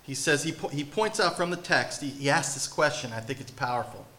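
A man delivers a sermon, asking rhetorical questions and pressing his points with emphasis. His voice is slightly high for a man and strikingly bright and forceful. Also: lively intonation, a little fast. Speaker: pastor.

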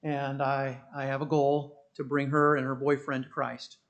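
A middle-aged man preaching a sermon as pastor, telling stories and building to loud, impassioned preaching. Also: mid-range voice, monotone, unhurried, lo-fi sound.

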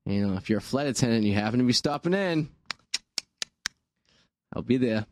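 A man's voice: mid-range voice, animated, a little fast, a little mellow, slight background noise. A young man co-hosting a radio show, joking and rambling crudely. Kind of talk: casual banter radio talk.

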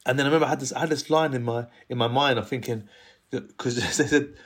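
Husky man telling a lively story. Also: medium pitch, fast. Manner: acts out other people's voices, laughs often. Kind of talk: animated storytelling in casual conversation.

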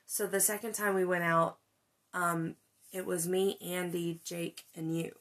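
A podcast host with a lowish, unhurried voice tells a ghost story in casual chat. She's animated, uses lots of fillers, and swears when she gets excited.

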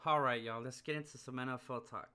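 A man's voice: medium pitch, fairly even intonation, quick pace, sharp tone, clean tone. A man giving a casual, profane, rambling rant about sports, full of fillers and heated outbursts. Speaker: sports podcaster.

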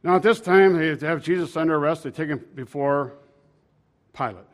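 A man preaching a sermon, retelling scripture in a folksy, conversational way with sharp swings from loud to quiet. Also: on the high side, moderate pace.

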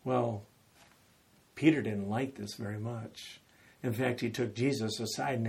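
Male preacher, unhurried, slightly husky, animated storytelling sermon. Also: mid-range voice. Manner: animated storytelling, acting out quotes with rising intensity.

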